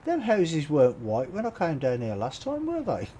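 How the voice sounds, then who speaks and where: Mellow-voiced Brummie man streaming a game. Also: on the high side, wildly swooping pitch, moderate pace, a little hiss or hum, poor audio. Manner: chatty, laughs often, greets viewers while playing. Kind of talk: casual live-stream commentary.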